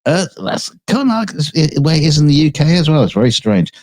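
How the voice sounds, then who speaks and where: A man's voice: fairly high pitch, big pitch swings, brisk. A man co-hosting a casual comedic news show, reading odd stories and joking between them with frequent laughs. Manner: laughs often, joking asides.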